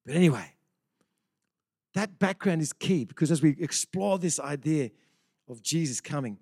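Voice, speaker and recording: A man's voice: on the high side, animated, normal speed, creaky, a little mellow, no echo. Brief: middle-aged male pastor, chatty sermon delivery, dry close sound. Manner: conversational preaching with frequent restarts and rhetorical questions.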